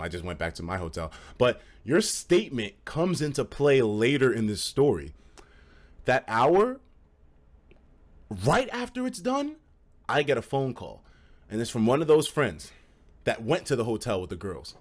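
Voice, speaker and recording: A man streamer telling a casual story on a livestream, swearing freely, laughing mid-sentence and acting out his friends' lines. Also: mid-range voice.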